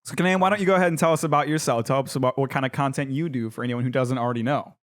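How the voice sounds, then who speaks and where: A young man from the United States hosting a casual podcast chat, laughing easily and filling pauses with fillers. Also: mid-range voice. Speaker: podcast host.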